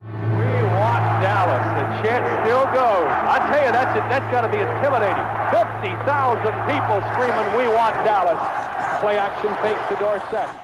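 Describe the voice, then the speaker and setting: A man doing excited live play-by-play football commentary from an old broadcast. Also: high-pitched, normal speed. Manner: excited, rising calls. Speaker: play-by-play announcer. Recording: old broadcast clip with loud crowd noise.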